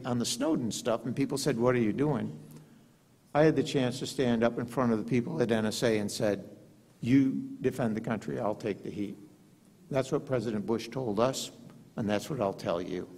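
An older man delivers an after-dinner keynote, spinning anecdotes with a dry, self-deprecating humor. His voice sits at an ordinary middle pitch. It carries the long echo of a hotel ballroom. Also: a little mellow. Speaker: keynote speaker. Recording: echoey hall.

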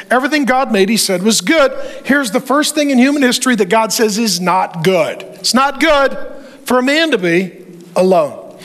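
A middle-aged male pastor with a very high voice, preaching with playful humor. He is animated and quick to act out characters in his stories. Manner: animated, joking, acts out quotes. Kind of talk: humorous sermon.

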